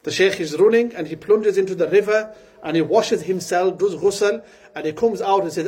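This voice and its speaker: A man preaching a sermon, telling a story earnestly and breaking into quick Arabic recitation. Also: sits high, a little mellow, husky.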